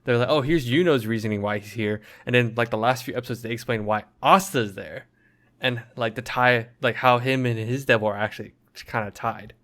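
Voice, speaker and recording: This podcast co-host has a mid-range, slightly bright voice and talks a little fast. His casual chat wanders loosely and is full of filler words.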